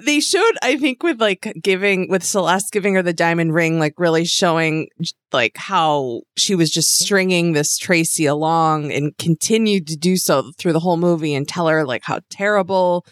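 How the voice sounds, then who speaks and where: A woman's voice: on the low side, normal speed, no echo, clean studio sound. A woman co-hosting a casual podcast, recapping a movie with wry jokes and laughter. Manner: wry, joking asides with laughter. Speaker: podcast co-host.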